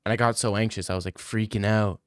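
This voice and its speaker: A man's voice: on the low side, steady tone, quick pace, no echo, clean studio sound. A young man chatting casually on a stream, rambling and swearing freely. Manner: loose, rambling and profane.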